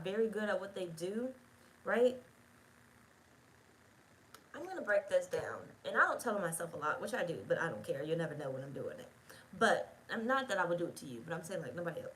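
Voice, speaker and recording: A woman's voice: medium pitch, a bit bright, poor audio. A woman giving a casual tarot reading, talking bluntly and straight to the viewer and swearing freely. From United States. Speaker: tarot reader.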